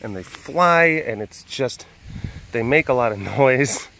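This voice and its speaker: A man in a casual vlog, talking unhurriedly outdoors beside an animal enclosure. He chats in a middle-pitched voice and drifts into soft, cooing baby talk with the animals. Faint outdoor noise sits behind him. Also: lively intonation, slow, vocal fry. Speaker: big cat keeper.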